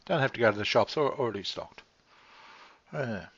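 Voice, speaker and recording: A man rambling easily through a casual monologue, unhurried and loose, dropping the odd swear word with a chuckle. His voice sits at an ordinary middle pitch. The recording is dry and a bit dull, like a cheap home mic. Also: animated, a bit bright, breathy edge, no room sound. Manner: meandering, laid-back, swears casually, chuckles. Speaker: vlogger. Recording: dry, slightly dull lo-fi sound.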